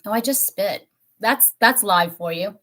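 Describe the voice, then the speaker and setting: A woman in her late fifties hosts a relaxed beauty livestream, talking at a middle pitch. She rambles from story to story and often stops to correct herself mid-sentence. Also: a little slow. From Tennessee, USA. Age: 50s. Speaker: beauty channel host. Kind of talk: casual livestream chat.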